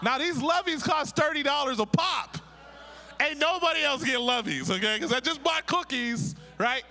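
In a church sanctuary, a middle-aged pastor and prophet from Pittsburgh, USA, delivers a lively, joke-filled sermon at a moderate pace in a very high, bright, ringing voice, often having the congregation repeat key words back to him. Soft music plays in the background while a long reverb trails his words through the hall.

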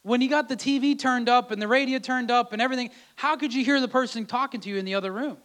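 A man's voice: very high-pitched, fast, fairly bright tone. A man preaching a sermon in a conversational way, often repeating and restarting his words. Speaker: pastor.

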